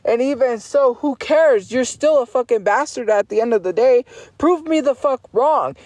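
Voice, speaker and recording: A woman's voice: high voice, expressive, moderate pace, darkish tone, no room sound. A woman livestreamer ranting at her chat in a profane, insistent and defiant way, repeating her points over and over.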